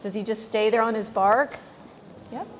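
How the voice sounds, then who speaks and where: A woman reading a picture book aloud to children in a large church, lively, pausing to ask them questions. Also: fairly high pitch, a little hiss or hum. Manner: lively, asks questions, says "right?" often. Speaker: reader to children. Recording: long church reverb.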